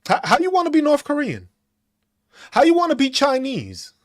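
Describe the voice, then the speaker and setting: A man's voice: very high voice, wildly swooping pitch, moderate pace. Profane, mocking man ranting. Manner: mocking, profane, laughing between taunts. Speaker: podcast host. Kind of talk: ranting commentary reacting to comments.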